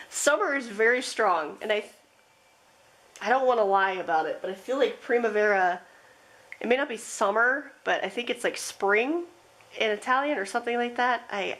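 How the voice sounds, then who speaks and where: Woman tarot reader, soft rambling delivery, everyday mid pitch, casual and unscripted. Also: rough recording. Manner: rambling, gentle, with frequent fillers and soft laughs. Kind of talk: pick-a-card tarot reading.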